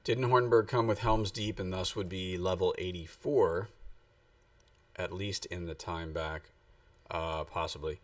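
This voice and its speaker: A man's voice: low voice, fairly even intonation, a little slow, no room sound. A man streaming a game, chatting casually and rambling with lots of fillers as he thinks aloud. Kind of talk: casual live-stream gaming chat. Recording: voice distant from the mic.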